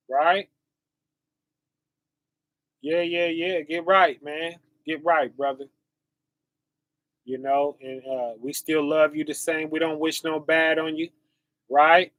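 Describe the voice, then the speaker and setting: Slow bright-voiced male street preacher. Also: a little high, no room sound. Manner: preachy, rhetorical, keeps asking "right?". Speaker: online preacher. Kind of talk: sermon to camera.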